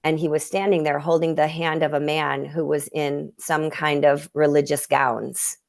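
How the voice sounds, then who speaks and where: A woman's voice: sits low, flat delivery, normal speed, vocal fry. A woman guest healer earnestly telling a personal spiritual story, with frequent restarts, in a conversation over a video call.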